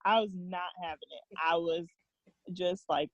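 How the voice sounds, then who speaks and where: A woman's voice: on the low side, a little slow, no echo, lo-fi sound. A woman guest speaking frankly and earnestly in a candid podcast conversation. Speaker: interview guest.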